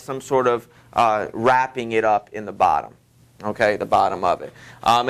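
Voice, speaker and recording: A man's voice: mid-range voice, fairly bright tone, clear, resonant tone. Rambling man teaching a literature class. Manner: rambling, many fillers and restarts. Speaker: high school literature teacher. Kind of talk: classroom lecture.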